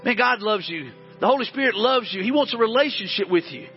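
A man's voice: high voice, animated, fairly quick, long reverb tail, dull audio, soft background music. A man preaching a sermon as pastor in a church, earnest and repetitive as he pleads with the congregation. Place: church sanctuary.

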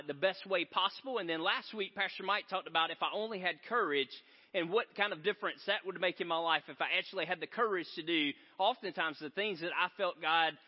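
A man preaching a sermon in a large church, telling stories in a conversational, joking way. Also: high-pitched. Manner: conversational storytelling, animated and joking. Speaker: pastor. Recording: reverberant hall, dull sound.

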